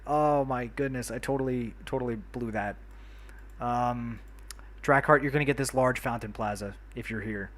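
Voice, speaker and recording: Friendly and chatty, a man from New York runs a casual livestream of a city builder, thanking and greeting viewers by name while he plays. He has a medium-pitched, fairly bright voice at a moderate pace.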